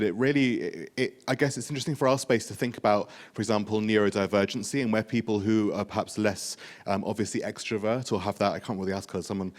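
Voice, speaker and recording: A man in the audience giving a comment, rapid and searching for words. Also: fairly low pitch. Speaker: audience member. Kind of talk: comment from the floor.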